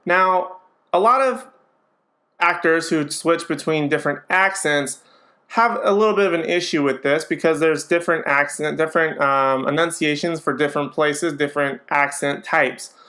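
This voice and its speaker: A man's voice: a little high, normal speed, pushed and bright. A man giving a casual, opinionated movie review, chatty and hedging with frequent ums.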